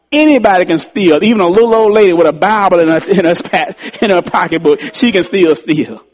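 Male preacher, slightly higher voice, storytelling sermon, slows down hard on repeated key lines. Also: a little mellow. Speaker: pastor.

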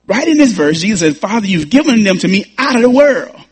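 Male pastor, higher voice, husky tone, emphatic sermon delivery with stammered restarts. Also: very animated, a little fast. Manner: emphatic preaching with repeated phrases and stammered restarts.

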